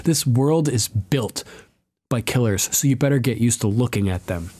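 A man voicing a gruff scarred male warrior, bitter and blunt, in a plain voice raised a little in pitch. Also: normal speed, dark tone, natural voice.

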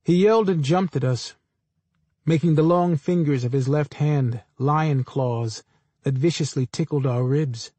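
A man narrates first-person literary fiction in a measured, understated voice. His pitch sits a little above average for a man, and the recording is close and dry, with no room echo. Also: dark tone. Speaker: audiobook narrator.

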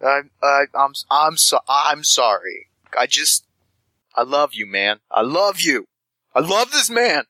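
A man's voice: mid-range voice, sing-song, measured pace, sharp tone, no echo, rough recording. A man voicing a friendly, scatterbrained male street informant who stammers and rambles. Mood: affectionate.

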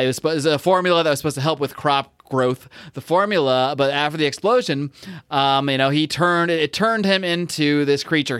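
A man co-hosting a podcast, recapping a comic book in a relaxed, rambling way. His voice is smooth and clear, recorded dry and close. He stops to correct himself and jokes as he goes. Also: medium pitch, dry recording. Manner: rambling, self-correcting, jokey. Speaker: podcast co-host. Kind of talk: casual comic book discussion.

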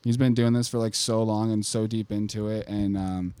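A man co-hosting a podcast who rambles and swears freely, peppering his talk with "like" and "dude". His voice is fairly low and dark-toned. The recording is dry and close. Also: fairly even intonation, normal speed, smooth, no room sound. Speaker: podcast co-host. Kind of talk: casual profane podcast banter.

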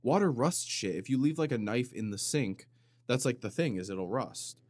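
A man hosting a comedic solo podcast, rambling in a deadpan way with sudden loud bursts and some vocal fry. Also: medium pitch, normal speed, no room sound, clean studio sound. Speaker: podcast host. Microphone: studio microphone.

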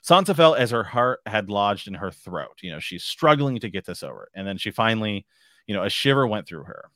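A man's voice: lowish voice, sing-song, brisk, fairly bright tone, no room sound, clean studio sound. A man hosting a podcast, chatting casually and reading book passages aloud, rambling with lots of filler phrases. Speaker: podcast host.

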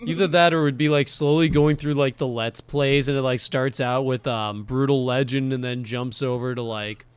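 A man's voice: medium pitch, steady tone, normal speed, few pauses, smooth, no echo. Rambling man in casual podcast chat. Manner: rambling, filler-heavy, laughs often. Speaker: podcast co-host.

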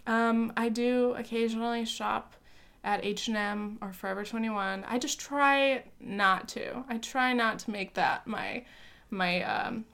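A woman's voice: on the high side, expressive, measured pace, creaky, a bit bright, clean tone. A young woman hosting her own podcast, chatting casually and teasing herself, with laughs, fillers and the odd swear word. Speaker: podcast host. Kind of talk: casual solo podcast chat.

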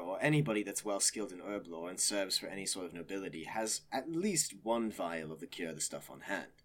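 A man's voice: low-pitched, fairly bright tone. A man playing a tabletop game, speaking in a rambling, matter-of-fact way. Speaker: player. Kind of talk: in-character tabletop chat.

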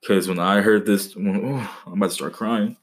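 A young man with a deep, low voice, hosting a casual comedic podcast monologue. He swears freely and jokes around, breaking into mock-dramatic outbursts. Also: steady tone, moderate pace. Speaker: podcast host.

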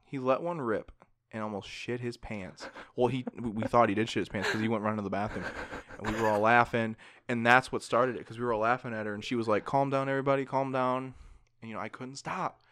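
A man in his twenties on a casual podcast, telling animated stories with plenty of casual swearing. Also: fairly low pitch, fast, no echo. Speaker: podcast co-host.

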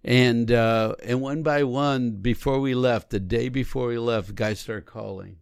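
A man's voice: medium pitch, steady tone, unhurried, vocal fry, hardly any pauses, clean tone, no echo, studio quality. A man coaching others on how to listen, talking earnestly and acting out example lines. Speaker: relationship coach. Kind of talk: teaching conversation.

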